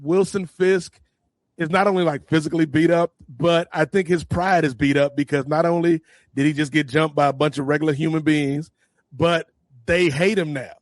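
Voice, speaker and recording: A man co-hosting a podcast, his voice on the higher side. He talks casually and gets animated, slipping into quoted lines from the show as he retells it. The sound is dry and close. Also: normal speed, dry recording. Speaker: podcast co-host. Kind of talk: casual review chat.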